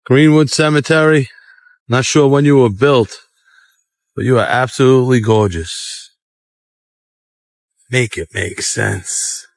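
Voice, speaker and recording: A man hosting, giving casual reaction commentary with wry, drawn-out quips. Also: medium pitch, dry recording, clean studio sound. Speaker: host.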